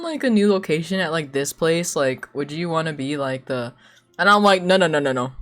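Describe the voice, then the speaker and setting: A young adult live streamer chats casually while drawing, passing along gossip and acting out what others said with gasps, leaning on fillers and plenty of "like"s. Her mid-range voice is expressive, brisk and a bit bright, with soft music behind her.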